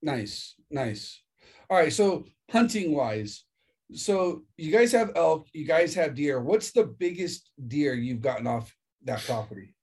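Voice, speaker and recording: A man hosts a casual interview, reacting briefly and asking relaxed questions. His voice is husky and a little higher than most men's, and he speaks very slowly.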